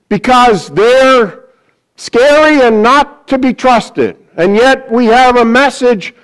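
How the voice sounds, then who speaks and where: Older male guest preacher, high voice, unhurried, self-deprecating humor. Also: rough recording. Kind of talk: sermon.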